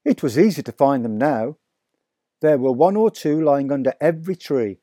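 A man narrating a children's story aloud in a vivid, expressive reading. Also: on the high side, no room sound, clean studio sound. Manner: slow, deliberate, vivid storytelling. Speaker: audiobook narrator.

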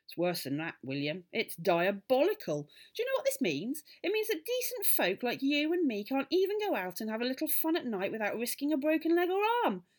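A woman reading aloud, voicing an excitable, mischievous little old village doctor who rises to loud indignant bursts. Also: mid-range voice, a little fast, lightly acted.

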